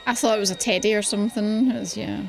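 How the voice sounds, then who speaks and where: A woman co-hosting a reaction channel in casual chat, animated and full of exclamations. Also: mid-range voice, fast, vocal fry, faint music behind. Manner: animated, exclamatory, laughs often.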